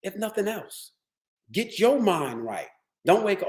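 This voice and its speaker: A man giving a motivational wellness talk to lawyers. He tells stories in a streetwise, profane, animated way. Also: on the high side, unhurried. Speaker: wellness speaker. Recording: echoey room.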